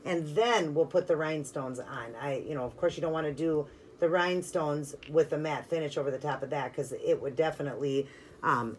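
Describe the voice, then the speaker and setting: A woman with a notably low voice walks through a nail art tutorial in a relaxed, chatty way. She fills her talk with "like" and "you know" while working with her hands. A faint hiss of noise sits under the voice. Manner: chatty and friendly, filler-heavy ("like", "you know"). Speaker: nail art channel host. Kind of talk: casual step-by-step tutorial narration.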